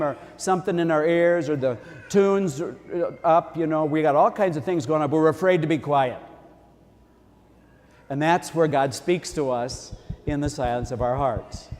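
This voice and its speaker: A man's voice: on the high side, normal speed, a little mellow. A man preaching a sermon as a priest, in a folksy, conversational way. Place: church. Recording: long church reverb.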